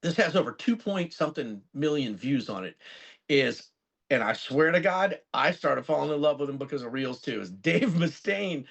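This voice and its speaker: A man in his fifties with a gravelly voice that sits a bit high for a man. He talks in a lively, swooping way, rambling and swearing freely in casual podcast chat. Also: moderate pace. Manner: animated, rambling storyteller who swears freely. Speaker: guest musician and record producer.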